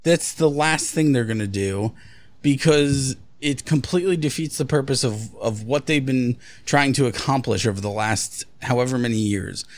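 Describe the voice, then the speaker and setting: A man's voice: medium pitch, moderate pace, no room sound. A man co-hosting a casual podcast chat, blunt and profane with strong opinions. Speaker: podcast co-host.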